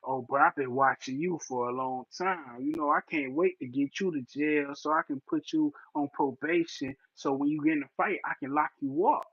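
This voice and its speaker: A man's voice: a little high, moderate pace, hardly any pauses, a bit bright, dry recording, pitched below the performer's own voice. A man voicing a smug male police officer who talks down and threatens, on dull lo-fi stream audio. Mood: menacing.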